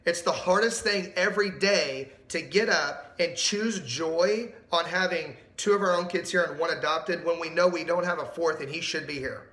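A man's voice: a little high, moderate pace, hardly any pauses, roomy sound. Emphatic man preaching a sermon. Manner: animated, emphatic, asks the audience questions. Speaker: pastor.

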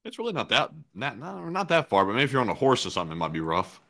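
A man's voice: mid-range voice, very animated, fast talker, fairly bright tone. A man co-hosting a show, chatting casually and making dry jokes, laughing at himself. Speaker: co-host. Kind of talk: casual banter on a live show.

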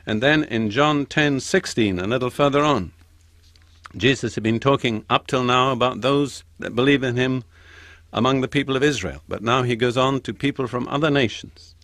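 A man's voice: medium pitch, fairly bright tone, no echo. Older man teaching scripture, dry sound. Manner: slows down and stresses quoted scripture. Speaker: Bible teacher. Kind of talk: sermon-style Bible teaching.

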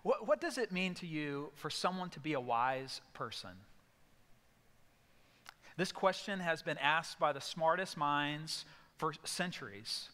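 A man's voice: on the high side, expressive, measured pace, sharp tone, big-room sound. A male pastor giving a sermon, telling stories and acting out voices in bursts. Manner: storytelling with sudden acted outbursts. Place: church sanctuary.

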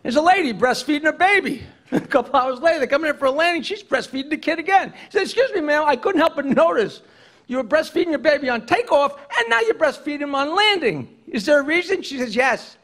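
A man's voice: extremely high pitch, animated, fast talker, a bit bright. A middle-aged man doing stand-up on a comedy club stage, firing off jokes and cracking up at his own punchlines. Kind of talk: stand-up joke telling.

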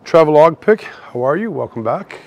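A man's voice: on the high side, lively intonation, moderate pace, vocal fry, darkish tone. A man from Canada with a Canadian accent, a bit tipsy, rambling to viewers as he hosts a live-streamed walking tour outdoors. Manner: rambling, chatty, talks to chat viewers while walking. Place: outdoor city shopping street.

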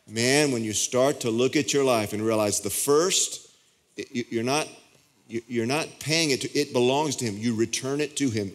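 A man preaching a sermon as pastor, folksy and emphatic, with loud bursts and repeated lines. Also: mid-range voice, normal speed.

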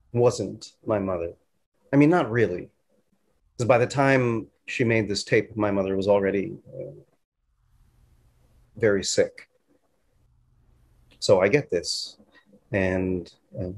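A man acting a young man who tells a tender, halting story straight to the audience in a stage play. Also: medium pitch, darkish tone, husky. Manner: halting, emotional storytelling with restarts. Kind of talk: theatrical monologue to the audience.

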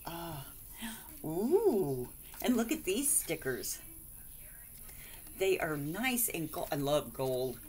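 A woman's voice: sits low, big pitch swings, takes it slowly, pauses often, darkish tone, slight background noise. A woman vlogger chatting casually and gushing over cards and mail sent by friends, exclaiming and giggling often.

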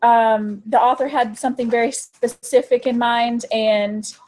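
Higher-voiced woman host, hesitant questions. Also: fairly even intonation, unhurried, dark tone. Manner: hesitant, many ums while forming questions. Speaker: podcast host. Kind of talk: interview questions.

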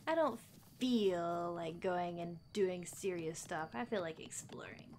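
Slow-talking woman streamer chatting casually. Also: on the low side, lively intonation, a little mellow, soft background music. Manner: chatty, laughs often, coos at her pet. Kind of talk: casual live-stream chat.

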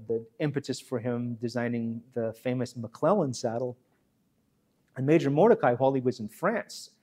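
A man's voice: mid-range voice, a little mellow, breathy edge. A man giving a chatty history talk as guest speaker, repeating himself and acting out quotes. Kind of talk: history lecture.

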